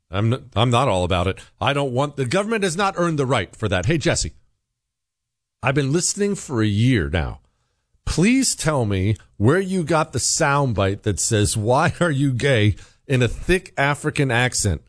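A man's voice: mid-range voice, sing-song, a little slow, dry recording, studio quality. Emphatic man hosting talk radio. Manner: emphatic, rhetorical questions. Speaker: radio talk show host. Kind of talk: opinionated talk radio monologue.

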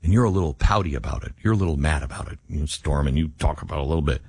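A man's voice: very deep voice, very fast, creaky, slightly rough, dry recording. A man hosting a talk radio show, giving emphatic commentary and reading ads live. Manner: animated, emphatic, drops into quoted voices.

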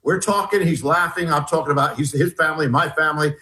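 Guest author, male, slightly high voice, storyteller who rambles and restarts often. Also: rough recording. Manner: rambling, halting restarts, excited retelling. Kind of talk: storytelling interview.

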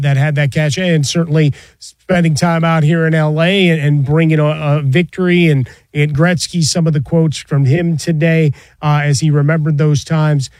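A man co-hosting a sports talk show in a relaxed, conversational way. His voice sits slightly high, and the recording is close and dry. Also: no echo, rough recording. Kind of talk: casual discussion.

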